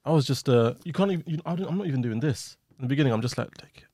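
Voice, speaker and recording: A man talks fast and easily, his voice sitting at a middling pitch. He is hosting a casual podcast chat, full of jokes and slang. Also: animated, warm tone, no echo, clean studio sound. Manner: fast, joking, lots of "bro" and "innit". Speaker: podcast host and comedian.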